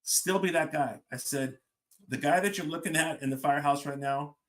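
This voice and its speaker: A man's voice: on the high side, normal speed, fairly bright tone. A middle-aged man, a fire service leader, telling a story on a podcast and acting out the dialogue as he goes.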